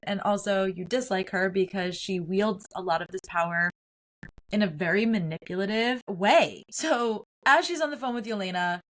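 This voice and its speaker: A woman's voice: mid-range voice, a bit bright. A woman hosting a solo podcast, talking through a film in an earnest, opinionated way and building her points in lists. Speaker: podcast host.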